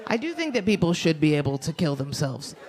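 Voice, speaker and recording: A woman's voice: deep voice, sing-song, a little fast, a little mellow. A young woman doing a stand-up comedy set, brash and crude, chatting with the audience from a club stage. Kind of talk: stand-up set with crowd work. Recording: noisy live club recording. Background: audience laughter.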